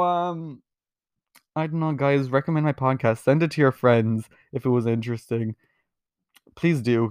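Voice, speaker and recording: Young man, podcast host, casual rambling monologue, self-deprecating, swears a lot, mid-pitched, dry close recording. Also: darkish tone, dry recording.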